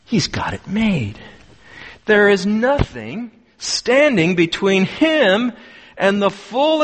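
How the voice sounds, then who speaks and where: Male preacher, slightly high voice, drawn-out dramatic sermon delivery in a reverberant hall. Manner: slow, lively delivery with dramatic pauses.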